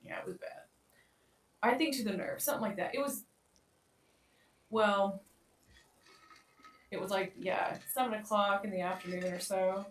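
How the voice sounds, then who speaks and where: A woman's voice: medium pitch, normal speed, long pauses, recorded from a distance. Woman podcast co-host. Chatty, filler-heavy storyteller, a bit off-mic in an echoey room.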